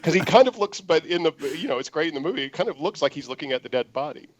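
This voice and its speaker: A man, an actor guest, telling an animated audition story in an interview and acting out the lines he quotes. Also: on the high side, very fast, slight background noise.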